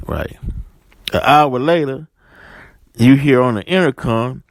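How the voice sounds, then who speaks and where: A male talk radio host with a gravelly voice. He rambles loosely through his points and tags them with questions, recorded close and very dry. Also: mid-range voice, slow, pauses often, no echo. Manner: rambling, keeps asking "right?".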